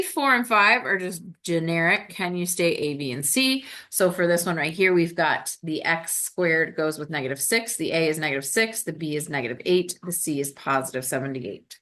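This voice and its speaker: Woman teacher walking thru algebra steps, upbeat and coaching, lowish voice. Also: a bit bright. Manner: upbeat, coaching, talks through each step. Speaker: math teacher. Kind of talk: recorded classroom lesson.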